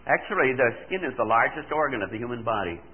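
An older man preaching a sermon, animated and full of rhetorical questions, playing out his listeners' answers himself. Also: mid-range voice, quick pace. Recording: tinny phone-like recording.

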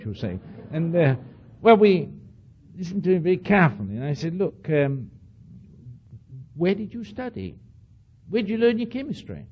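Husky man with an accent, lively storyteller. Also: fairly high pitch, moderate pace, long pauses. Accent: non-native English accent. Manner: animated, digressive storyteller with frequent "you see". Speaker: speaker addressing an audience. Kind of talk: anecdotal storytelling lecture. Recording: dull lo-fi old recording.

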